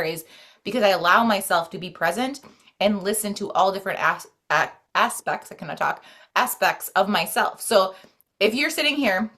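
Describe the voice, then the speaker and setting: A woman's voice: mid-range voice, fairly bright tone. A woman talking as a podcast guest in casual, earnest conversation, rambling with many "like"s and restarts. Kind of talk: casual conversation about self-care and spirituality.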